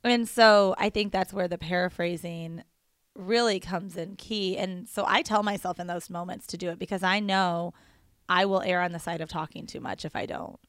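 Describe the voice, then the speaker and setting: A woman co-hosting a podcast, chatting casually about a book, quick to agree and quoting her own thoughts. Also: fairly low pitch, fairly even intonation, a bit bright, no echo, clean studio sound. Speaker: podcast co-host.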